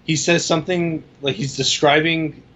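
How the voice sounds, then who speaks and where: A man co-hosting a casual movie-review podcast, talking in a relaxed, halting way with many fillers. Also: fairly high pitch, highs cut off.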